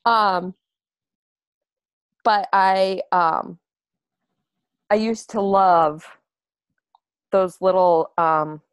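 A woman voicing a shy woman whose head sits in a dome, talking hesitantly with many pauses and soft laughs. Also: medium pitch, steady tone, clean tone, no room sound. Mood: amused. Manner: hesitant, many ums, giggly.

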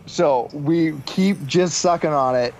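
A man's voice: a little high, slow, a little mellow, poor audio. A man playing a tabletop role-playing game, talking in a goofy, stammering way with laid-back slang. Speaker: player. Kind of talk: in-character tabletop role-play.

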